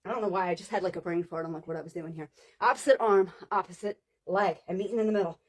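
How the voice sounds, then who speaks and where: Breathy woman counting workout reps. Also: lowish voice, fast talker. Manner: energetic rep counting with chatty asides. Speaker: fitness instructor. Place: at work, on the floor.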